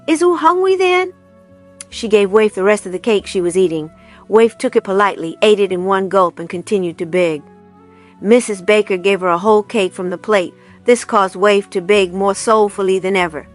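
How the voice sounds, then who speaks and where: Woman calmly narrating a storybook. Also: medium pitch, brisk, faint music behind. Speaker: reader. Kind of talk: audiobook narration.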